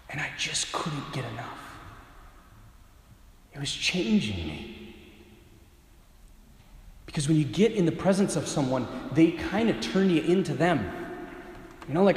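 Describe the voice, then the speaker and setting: A man in his forties, a Catholic priest, telling a story in a sermon in an animated, self-deprecating way. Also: fairly high pitch. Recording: echoey hall reverb.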